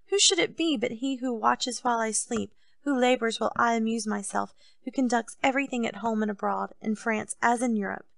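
A woman's voice: on the high side, fairly quick, creaky, few pauses, dry recording. A woman reading an audiobook, voicing a grown king who complains and grows indignant, his voice raised above her narration. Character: petulant, self-pitying king, grown man.

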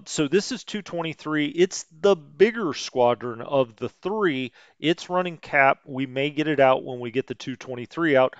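A man's voice: mid-range voice, smooth, no echo, lo-fi sound. A man casually commentating a strategy game stream, chatting with viewers and cracking light jokes. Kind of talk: casual let's play commentary.

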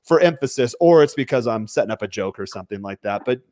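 A man's voice: medium pitch, animated, fast, darkish tone, no room sound, clean studio sound. A man hosting a casual livestream chat, talking bluntly and with emphasis, sometimes swearing to make a point. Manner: blunt, emphatic, drops the odd swear word. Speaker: podcast host. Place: home.

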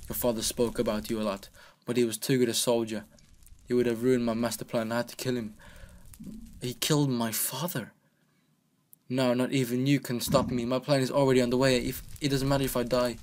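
A man reading as a hushed gloating villain. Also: mid-range voice, little pitch movement, a little fast, close to an everyday voice. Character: gloating male villain confessing his plan.

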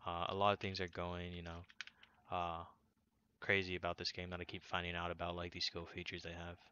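A man's voice: deep voice, completely flat delivery, a little fast, pushed and bright, smooth. A young man giving casual, rambling gameplay commentary as a gaming video host, upbeat and full of fillers and restarts. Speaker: gaming YouTuber. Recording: dull lo-fi audio.

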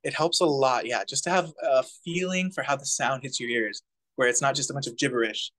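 Relaxed man teaching a casual language class. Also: medium pitch, fairly quick. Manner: relaxed, chuckling, many fillers, demonstrates pronunciation.

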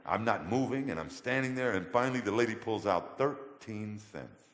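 A man telling his testimony as a guest in a church, colloquial and animated. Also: fairly low pitch, moderate pace. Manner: animated, colloquial, acts out voices in his stories. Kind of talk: storytelling testimony. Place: church hall. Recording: echoey church hall with long reverb.

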